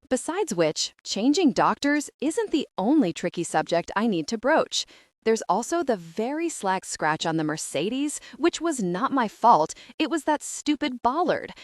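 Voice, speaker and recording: A woman narrates a comedy audiobook in the first person, gushing and excitable. Her pitch swings widely as she reads. The recording is dry and close to the mic. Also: measured pace, no room sound.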